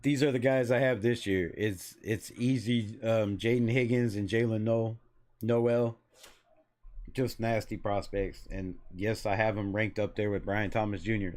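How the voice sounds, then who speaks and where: A man's voice: on the low side, a little mellow. A man in his forties from Los Angeles, hosting a casual football channel in a loose, chatty way, swearing freely and laughing at himself. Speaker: sports channel host. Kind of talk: casual sports commentary.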